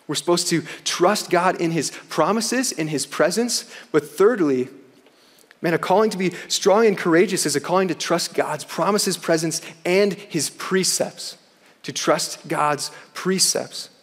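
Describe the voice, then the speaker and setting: A man preaching a sermon in a casual, earnest way, often saying "man" and slowing down to read scripture aloud for emphasis. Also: high-pitched, big-room sound. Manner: earnest, conversational preaching with frequent "man" interjections.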